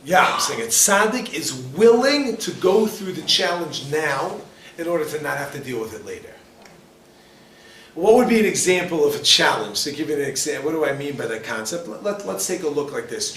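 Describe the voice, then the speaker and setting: A man teaching a class as a rabbi, animated and full of rhetorical questions as he acts out quoted people. His voice sits a little high. He is heard from a distance in an echoey room with faint noise behind him. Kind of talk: lively lecture with questions to the audience.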